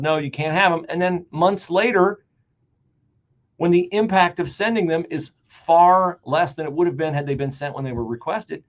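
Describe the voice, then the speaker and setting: A man hosting a political talk show, delivering an animated, sarcastic and emphatic monologue. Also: on the high side. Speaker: radio talk show host. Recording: dull lo-fi sound.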